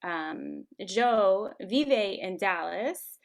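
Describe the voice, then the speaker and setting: In a language class, a hesitant female student answers with lots of ums, sometimes pausing to ask questions. Her medium-pitched voice is expressive, with vocal fry and drawn-out words.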